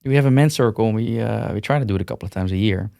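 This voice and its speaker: Low-voiced man, rambling guest. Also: rapid-fire, creaky, warm tone, dry recording, studio quality. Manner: rambling, frequent restarts and repeated words. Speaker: podcast guest. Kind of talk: casual interview conversation.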